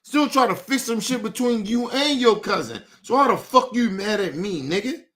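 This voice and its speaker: A man's voice: extremely high pitch, expressive, normal speed, fairly bright tone. A man hosting a show, ranting angrily in with heavy swearing and a lot of repetition. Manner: angry, repeats himself, swears heavily. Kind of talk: heated on-air rant.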